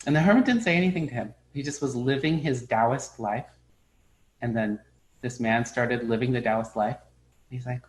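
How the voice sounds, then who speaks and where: A man giving a dharma talk as a Buddhist teacher, his voice sitting at an ordinary middle pitch. He speaks in a relaxed, halting way, with plenty of fillers and restarts. He tells stories and briefly acts out the people in them. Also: rough recording.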